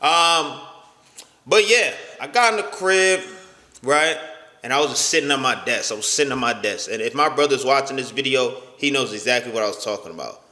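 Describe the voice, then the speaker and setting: A man's voice: mid-range voice, animated, brisk, bright, forceful tone. A young man telling a story from his own life in a casual vlog, full of slang and stammers, and acting out the other voices. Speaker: storytime vlogger. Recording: echoey room with long reverb.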